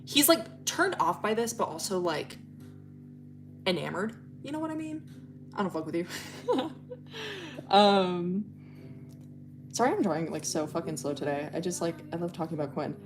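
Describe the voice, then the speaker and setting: A woman's voice: on the low side, animated, normal speed, long pauses, a little hiss or hum. A woman livestreaming as she draws, telling a story in a rambling, profane way full of fillers. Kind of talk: casual storytelling while drawing.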